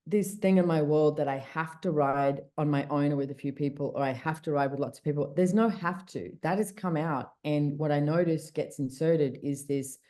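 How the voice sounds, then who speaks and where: Low mellow woman on a call, chatty and blunt, swears a bit, lots of restarts. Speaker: podcast host and guest speaker. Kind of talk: casual call conversation.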